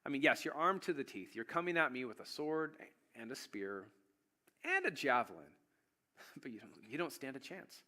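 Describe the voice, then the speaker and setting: A man's voice: medium pitch, very animated, normal speed, pushed and bright. A man voicing a bold young male shepherd who talks confident smack to a giant.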